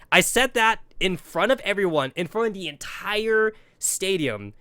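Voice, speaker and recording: A man's voice: sits high, lively intonation, unhurried, hardly any pauses, sharp tone, smooth, no room sound, studio quality. A man in his thirties telling a rambling, profane story on a game stream, full of "like" and acted-out quotes. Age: 30s.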